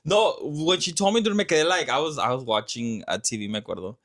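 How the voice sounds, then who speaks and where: A young man speaks quickly, with a voice pitched a little high for a man. He chats loosely and keeps the stories rolling, filling them with fillers and swearing. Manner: animated storytelling, lots of fillers and swearing. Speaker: vlog host. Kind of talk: casual chat.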